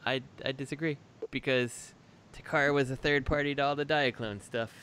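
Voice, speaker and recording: A man's voice: medium pitch, fairly even intonation, brisk, a bit bright, slight background noise. A man co-hosting a podcast, making his case in a casual, argumentative way. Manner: argumentative, explaining his point. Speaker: podcast co-host.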